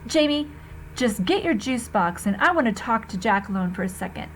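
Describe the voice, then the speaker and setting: A woman's voice: fairly high pitch, expressive, moderate pace, slight background noise, poor audio. A woman reading as a firm, caring mom. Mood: stern. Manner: gently scolding, earnest. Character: adult mother, patient but firm with her sons.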